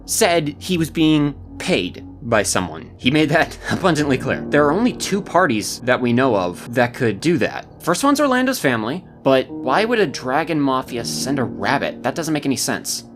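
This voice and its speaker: A woman narrating a story game and reacting to its twists with excited disbelief. Her voice is very low for a woman yet swings wildly in pitch, with game music playing underneath. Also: normal speed. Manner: excitable, incredulous exclamations. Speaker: game streamer. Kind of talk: reading a visual novel aloud and reacting.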